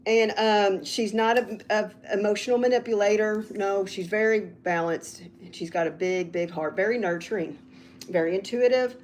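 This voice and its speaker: A woman reading tarot cards on a casual livestream, rambling and getting loud when she's excited. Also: medium pitch, normal speed, a little hiss or hum. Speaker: tarot reader.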